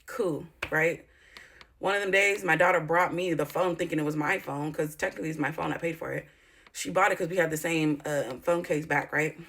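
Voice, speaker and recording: Woman vlogger, lowish voice, blunt and profane, rambling storyteller with emphatic outbursts. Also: fairly even intonation, brisk, vocal fry, fairly bright tone, slightly rough. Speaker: YouTuber. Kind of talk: candid storytime vlog.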